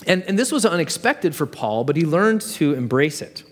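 Animated, conversational preacher in a hall. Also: male voice, fairly high pitch, moderate pace. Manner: conversational, vivid storytelling. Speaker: pastor. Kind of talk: sermon.

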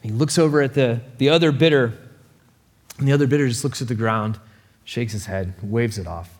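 A man preaching a sermon, telling a story in an animated, conversational way. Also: medium pitch, brisk, big-room sound. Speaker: pastor.

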